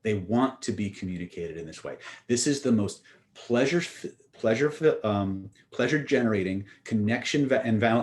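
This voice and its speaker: A man with a lowish, somewhat mellow voice teaches communication skills at a seminar as an influence and communication trainer. He tells stories, speaks emphatically, and puts rhetorical questions directly to the audience.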